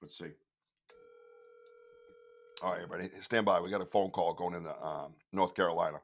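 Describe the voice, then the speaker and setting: A man hosting a casual podcast, loud and laughing often, who swears freely as he tells stories. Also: low voice, steady tone, fairly quick. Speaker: podcast host.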